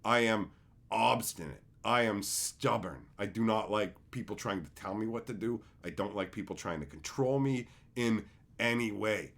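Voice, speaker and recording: A man's voice: fairly low pitch, animated, normal speed, gravelly, fairly bright tone. A man hosting a livestream who talks bluntly and with lots of profanity, telling combative stories. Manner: acts out quotes with big swings in voice. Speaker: streamer and show host. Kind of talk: casual rant on a livestream.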